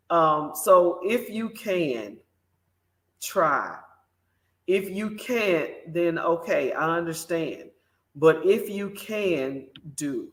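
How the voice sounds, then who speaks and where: A woman host shares a personal story at an easy, unhurried pace. She talks with animated emphasis, turning often to address her audience. Her voice rings in a roomy, echoing space. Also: fairly low pitch. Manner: animated, emphatic, speaks directly to listeners. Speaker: morning show host. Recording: roomy echo.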